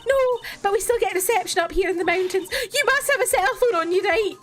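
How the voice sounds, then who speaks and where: A woman doing a bossy, excitable young sidekick. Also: brisk, music in the background. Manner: high, pushy and urgent.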